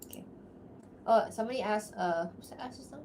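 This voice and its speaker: A woman streamer from outside America talks casually to her viewers in a mid-range voice. She moves through quick asides and laughs often. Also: mid-range voice, darkish tone, slight background noise. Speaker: streamer and voice actor. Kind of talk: casual livestream chat.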